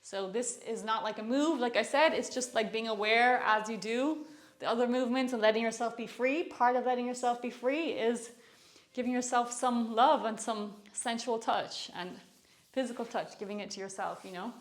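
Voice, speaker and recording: A young woman with a fairly high voice leads a relaxed movement class. She talks in an easy, encouraging way with soft laughs, a bit out of breath from moving as she goes. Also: normal speed. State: a little out of breath while moving. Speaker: movement instructor. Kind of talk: guided movement tutorial.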